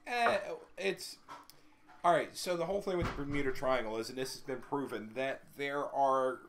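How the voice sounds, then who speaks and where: A man's voice: mid-range voice, moderate pace, fairly bright tone, a little hiss or hum. A man co-hosting a casual podcast chat, joking around and laughing often.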